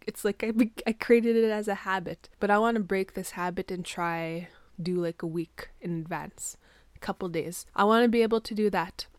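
A woman's voice: mid-range voice, darkish tone, dry recording. Groggy-voiced woman chatting on her podcast. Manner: chatty, rambling, heavy use of "like". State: groggy, congested morning voice. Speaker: podcast host. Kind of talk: casual solo podcast chat. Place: small bedroom. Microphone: plugged-in podcast mic.

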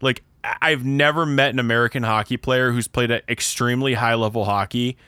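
A man's voice: medium pitch, steady tone, brisk, bright, forceful tone, clear, resonant tone, dry recording. A young man from Pennsylvania with a Pennsylvania accent, co-hosting a podcast in casual chat and rambling with many restarts. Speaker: podcast co-host.

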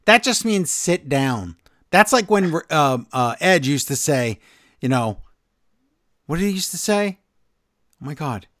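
A man co-hosting a wrestling podcast, talking in a casual, exasperated, animated way with quick asides. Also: on the high side, no room sound, studio quality. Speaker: podcast co-host.

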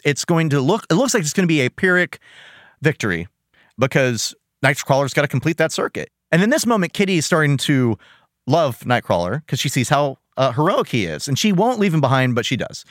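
A man hosting a casual podcast chat about a cartoon, enthusiastic and animated, acting out lines from the show in high voices. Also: brisk, no echo, clean studio sound. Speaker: podcast host.

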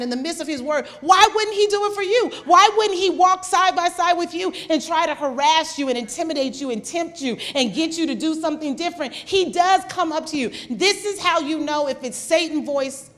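A high-voiced woman pastor preaching to her congregation. She talks in a lively, conversational way and acts out what people and God say. She trips over words and starts sentences again, then presses on. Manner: animated preaching with acted-out quotes and frequent restarts. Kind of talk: sermon.

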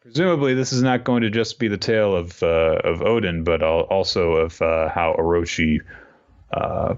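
Low-voiced guy recapping a manga on a podcast, doing little voices for the characters, kinda muffled lo-fi sound. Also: normal speed. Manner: recaps scenes by acting out the characters' lines. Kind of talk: casual chat. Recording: dull lo-fi recording.

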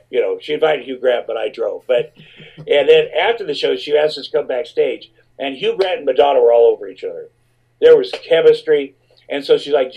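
A man's voice: mid-range voice, a little mellow, breathy edge, low-quality recording. A man telling a rambling, profane comic anecdote, often repeating his words as he goes. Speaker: storyteller.

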